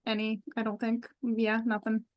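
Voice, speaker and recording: A woman's voice: a little high, monotone, normal speed. A woman hosting an online game show, apologetic in chat and formal when she reads results. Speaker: host.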